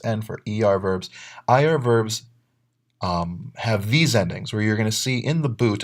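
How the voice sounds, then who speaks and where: A man teaching a Spanish grammar lesson, who works through verb endings methodically, spells out letters and reads each example sentence with its translation. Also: fairly low pitch. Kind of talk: recorded grammar lesson narration.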